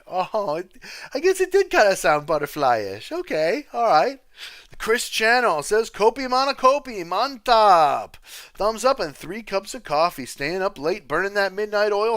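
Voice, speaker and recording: Upbeat male streamer, smooth clear tone, reads chat aloud casually. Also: high-pitched, bright, forceful tone, dry recording. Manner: upbeat and chatty, thanks viewers often. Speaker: livestream host and music teacher. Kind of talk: casual livestream chat, reading viewer comments.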